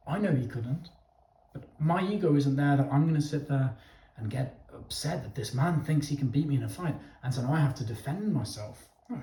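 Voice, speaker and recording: A man's voice: a little high, fairly quick, mellow, distant mic. A man talking frankly and casually to his viewers, repeating phrases and restarting as he goes. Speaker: channel host. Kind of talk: casual talk to camera. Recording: roomy sound from away from the mic.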